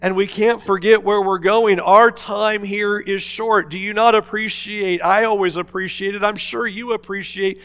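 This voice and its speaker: A man preaching a sermon as pastor, swinging between loud, urgent appeals and hushed, quiet asides. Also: high-pitched, steady tone, moderate pace, hardly any pauses.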